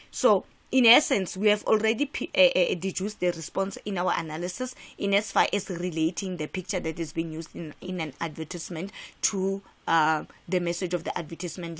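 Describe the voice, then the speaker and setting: A woman from South Africa teaching an exam revision lesson, emphatic and repetitive, with frequent restarts. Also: fairly low pitch. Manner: emphatic, repeats key points, frequent filler restarts.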